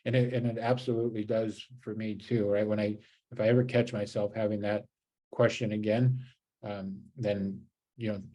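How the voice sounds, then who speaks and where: A man hosting a coaching talk on relationships, answering questions in a gentle, earnest way with many fillers and restarts. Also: on the low side, flat delivery, moderate pace.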